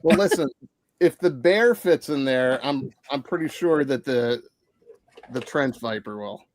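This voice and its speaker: A man's voice: mid-range voice, sing-song, unhurried, gravelly, dry recording. A man hosting a casual online chat show, rambling and laughing as he talks. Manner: rambling, laughs while talking. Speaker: podcast host.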